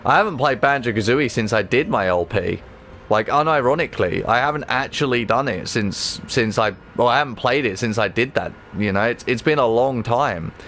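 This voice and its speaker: A man streaming himself playing a game, chatting casually to viewers with rambling, excitable talk and frequent swearing. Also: medium pitch, moderate pace, a little hiss or hum. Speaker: livestreamer. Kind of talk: casual gameplay livestream chat.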